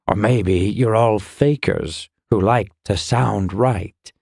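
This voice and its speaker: A male narrator voicing a gruff, dry-humored older fire warrior in an audiobook. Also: lowish voice, slow pace, a little mellow, dry recording, exaggerated voice. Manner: grumbling, wry.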